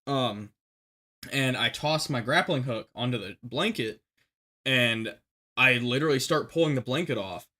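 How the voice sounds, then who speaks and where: Bright-voiced man rambling through a war story. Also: medium pitch, a little slow. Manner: rambling, full of restarts and fillers, shouts when reenacting. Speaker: podcast guest telling a war story. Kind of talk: casual storytelling on a podcast.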